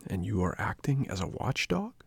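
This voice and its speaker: A man reading a storybook and voicing a sly male polecat who talks in a hushed, coaxing voice. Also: lowish voice, big pitch swings, normal speed, creaky, breathy edge, dry recording, full character voice. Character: sly soft-spoken male polecat, scheming thief.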